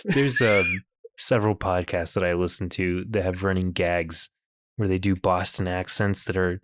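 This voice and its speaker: A man's voice: deep voice, steady tone, normal speed, noisy background. A man co-hosting a comedic podcast, reading listener comments aloud and riffing with frequent laughs and restarts. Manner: laughs often, reads comments aloud and tells stories with restarts. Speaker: podcast co-host. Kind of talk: casual comedic podcast chat.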